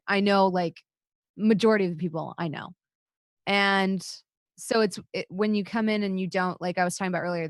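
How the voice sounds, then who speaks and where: A woman's voice: on the low side, no room sound. Sassy streamer woman ranting, dry close sound. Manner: sarcastic, animated, swears, acts out her replies. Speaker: podcast co-host and streamer. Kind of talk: casual chat.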